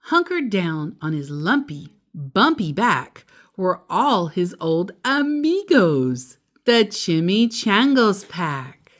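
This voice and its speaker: A woman reading a picture book aloud to a child in an expressive, playful way. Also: medium pitch, slow pace. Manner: expressive, playful, laughs along. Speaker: storyteller.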